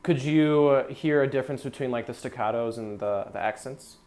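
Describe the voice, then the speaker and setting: Fairly quick and darkish in tone, this young man's medium-pitched voice fills a rehearsal room of brass players. He coaches the small ensemble casually, using many fillers and singing syllables aloud to illustrate articulation.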